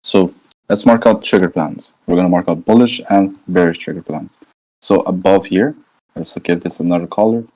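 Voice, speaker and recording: On poor audio, a man with a low, darkish voice talks at normal speed. The trading educator walks through charts live, loose and slangy, reasoning aloud and frequently checking in with "right?"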